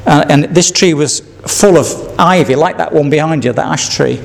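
A man's voice: on the high side, moderate pace, gravelly. An older man telling a rambling personal testimony, repeating himself and chuckling between memories. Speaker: speaker sharing his testimony.

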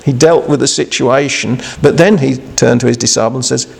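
A man preaching an informal devotional sermon, halting and conversational, often restarting and asking rhetorical questions. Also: medium pitch, gravelly, a little mellow, slightly rough.

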